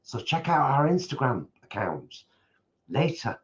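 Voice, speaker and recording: Man, low voice, chatty and rambling, dull lo-fi kitchen audio. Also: expressive, measured pace. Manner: chatty, rambling, restarts sentences. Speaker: co-host of a vegan food channel. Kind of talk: casual live-stream chat. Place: home kitchen.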